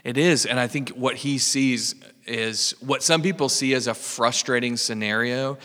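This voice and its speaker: A man hosting a podcast in an encouraging, affirming tone. His voice is bright and crisp, and it has a long reverb around it. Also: mid-range voice, a little slow. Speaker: podcast host. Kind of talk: casual conversational podcast chat.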